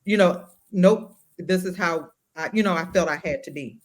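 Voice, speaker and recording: A woman co-hosting a podcast, speaking reflectively and haltingly, often breaking off and restarting her sentences. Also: fairly low pitch. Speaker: podcast co-host. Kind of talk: casual chat.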